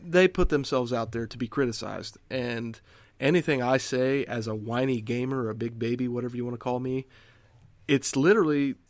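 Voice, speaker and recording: A man's voice: medium pitch, moderate pace, no echo. Earnest young man ranting on a podcast. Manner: earnest, self-deprecating, ranting. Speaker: podcast co-host. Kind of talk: casual podcast chat.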